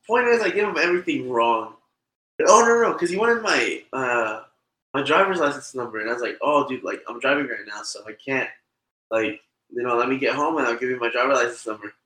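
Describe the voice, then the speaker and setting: A man's voice: mid-range voice, bright, forceful tone, roomy sound, rough recording. A young man telling a loose, swearing story in casual chat with friends. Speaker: podcast co-host.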